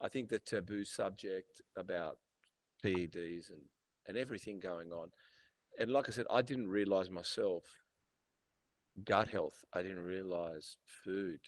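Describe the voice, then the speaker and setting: Aussie podcast host, gets loud and lively telling stories, dry close sound. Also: male voice, low-pitched, measured pace, no room sound. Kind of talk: casual interview chat.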